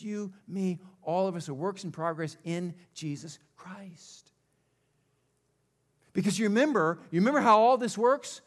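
High-voiced male pastor preaching. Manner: rhetorical questions, call-and-response with congregation. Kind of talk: sermon.

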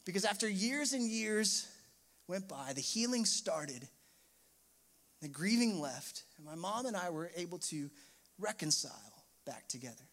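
Telling a personal story from the pulpit, a young male pastor builds into emotional, impassioned outbursts and then settles down. His voice is high, light and fairly bright, very animated yet measured in pace.

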